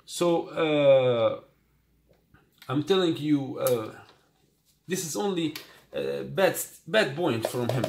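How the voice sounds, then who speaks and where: A man whose first language is Arabic talks through a hands-on product review in a loose, casual way, using non-native English and often checking in with the viewer. His voice sits somewhat high. The recording is roomy and echoey with faint background noise. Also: animated, slow pace, vocal fry, a little mellow. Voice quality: non-native English, repeats "you got me?". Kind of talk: casual unboxing demo.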